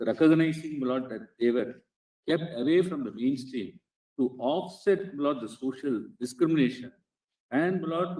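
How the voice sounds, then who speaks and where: A man with an Indian English accent, an advocate making a formal courtroom argument and calling the judges "Lord" in almost every phrase, with halting restarts. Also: fairly high pitch, darkish tone. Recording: echoey courtroom, speaker far from the mic.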